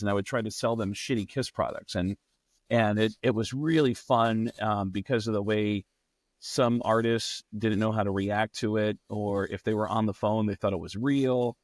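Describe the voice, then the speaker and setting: A man, a comedian guest, telling stories in a lively way and swearing freely. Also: lowish voice, no echo. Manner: acts out quotes in raised voices, swears freely. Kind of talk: animated storytelling.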